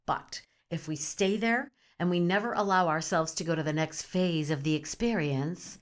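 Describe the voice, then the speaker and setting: A woman's voice: fairly low pitch, normal speed. A woman hosting a podcast, giving a comedic spiritual monologue in a playful, sassy way, swearing freely and using pet names. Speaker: podcast host.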